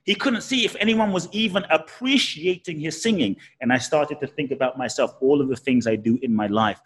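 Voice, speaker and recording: A man as a podcast guest, telling a personal story with animated, swooping pitch and frequent restarts. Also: brisk, husky. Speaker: guest, spiritual teacher.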